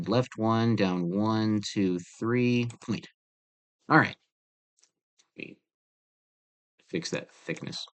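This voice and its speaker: A man's voice: fairly low pitch, clean tone. A man teaching a casual math lesson, thinking aloud with fillers and joking about his own mistakes. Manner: chatty, self-deprecating, thinks aloud with fillers.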